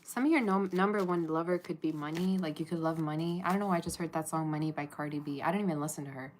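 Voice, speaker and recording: A woman's voice: sits low, fast talker, a little hiss or hum. A woman giving a casual tarot reading to camera, chatty and laughing often as she talks to viewers. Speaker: tarot reader.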